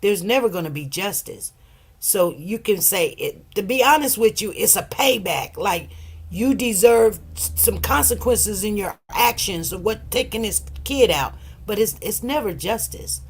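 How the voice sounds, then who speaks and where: A woman's voice: medium pitch, lively intonation, measured pace, slightly rough. A woman hosting a livestream, talking casually and emotionally to her viewers in a rambling, conversational way. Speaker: livestream host.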